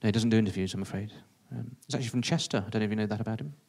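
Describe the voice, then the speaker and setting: A man doing a dry, deadpan press officer. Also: fairly low pitch, racing, vocal fry. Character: flat, unimpressed male press officer.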